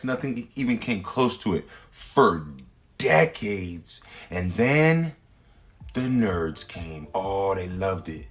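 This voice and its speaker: A man, a standup comedian hosting his own show, rambling through a slangy, playful comedic monologue with sudden loud jumps. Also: fairly low pitch.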